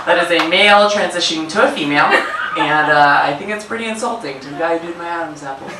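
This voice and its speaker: Young woman stand-up comic, dry wit, from a distant mic under loud laughter. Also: lowish voice, quick pace, roomy sound, heavy background noise. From Washington state, US. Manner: dry punchlines, voices for the people in her stories. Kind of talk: stand-up comedy set. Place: comedy club. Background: loud audience laughter.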